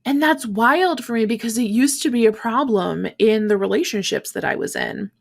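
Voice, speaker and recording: Gravelly-voiced woman podcast host. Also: fairly high pitch, normal speed. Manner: chatty and candid, many fillers. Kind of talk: casual solo podcast talk.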